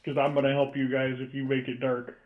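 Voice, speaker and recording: A man's voice: medium pitch, completely flat delivery, brisk, phone-quality sound. A man playing a tabletop game online, talking in a hesitant, apologetic way. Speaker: player. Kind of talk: casual tabletop game chat.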